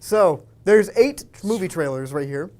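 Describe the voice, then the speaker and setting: A man's voice: high voice, lively intonation, a little slow, a little mellow. A man hosting a casual movie-talk podcast, chatting in an upbeat, easygoing way. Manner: chatty, upbeat host patter. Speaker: host.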